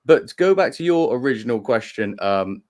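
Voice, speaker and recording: A man's voice: mid-range voice, animated, brisk. A man with an English accent chatting casually as a livestream host, joking and slipping into playful put-on voices. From England. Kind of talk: casual chat.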